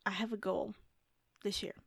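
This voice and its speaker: A woman's voice: medium pitch, steady tone, normal speed, creaky, breathy edge, dry recording, studio quality. A woman in her twenties co-hosting a podcast, teasing with short replies and frequent laughter. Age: 20s. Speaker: podcast co-host. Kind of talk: casual podcast chat.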